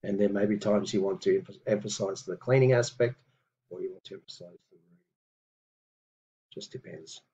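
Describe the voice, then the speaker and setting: A man teaches a language lesson on video, explaining patiently with many fillers and reading example phrases slowly. His voice sits low and sounds mellow, and the recording is muffled.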